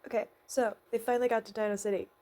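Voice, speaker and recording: A woman vlogger recapping a miniseries in a casual, rambling way, excitable and swearing freely. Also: a little high, racing.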